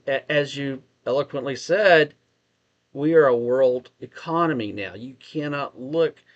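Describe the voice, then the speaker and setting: A man's voice: medium pitch, muffled recording. A man with a Texas accent co-hosting a casual political discussion, thinking aloud, restarting sentences and asking questions. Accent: Texan. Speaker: podcast co-host.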